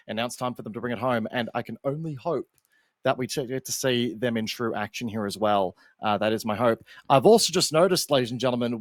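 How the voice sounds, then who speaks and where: A man's voice: medium pitch, dry recording. A man casting a charity esports match, playful and hammy, slipping into silly voices. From Australia. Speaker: esports caster. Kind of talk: charity tournament commentary.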